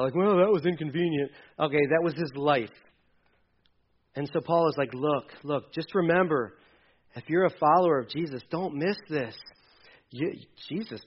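A male pastor preaching a sermon to a congregation, emphatic and urgent, dropping into quiet asides. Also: sits high, lo-fi sound. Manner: emphatic, swings between loud urging and quiet asides. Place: church hall with a congregation.

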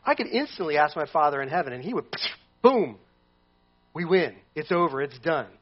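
A man playing a calm male teacher setting his followers straight during a sermon retelling. He speaks patiently and explains things in a high voice. The sound is muffled and lo-fi. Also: moderate pace, slightly rough.

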